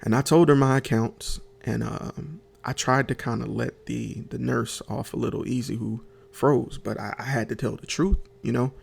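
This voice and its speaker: This man's mid-range voice is creaky, husky and darkish, holding a steady tone at a moderate pace with hardly any pauses. Hosting a podcast, he spins a funny yarn in a loose, chatty way, addressing his audience directly amid plenty of fillers and false starts.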